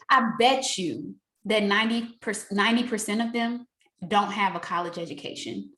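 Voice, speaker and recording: A young adult woman with a medium-pitched voice addresses her sales team at a moderate pace, the audio reverberant. Her casual motivational talk is animated and preachy, full of laughter and reenactments of others' words.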